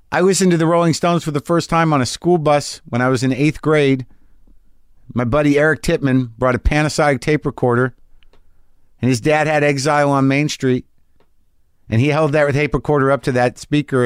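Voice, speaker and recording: A man hosting a podcast from his garage, telling a rambling, excitable story full of swearing and restarts. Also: mid-range voice, clear, resonant tone, dry recording, studio quality. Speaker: podcast host. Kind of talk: casual storytelling monologue. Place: home garage studio.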